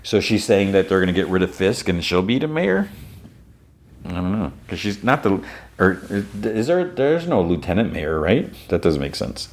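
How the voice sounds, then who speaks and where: A man hosting a podcast, chatting casually through a TV recap in a lively, animated way. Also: low voice, normal speed. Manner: chatty, animated retelling with voices. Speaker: podcast host.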